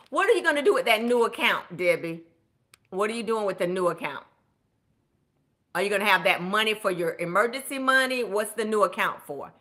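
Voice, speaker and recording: A woman's voice: medium pitch, pushed and bright. A woman coaching viewers on budgeting during a live stream, chatty and encouraging, cheering people on by name as she reads their comments.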